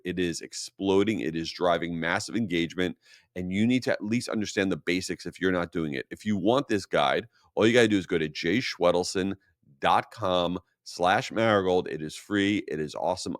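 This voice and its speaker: A man hosting a solo marketing podcast, talking casually and telling stories with a self-mocking, animated manner. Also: deep voice, no echo, studio quality. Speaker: podcast host.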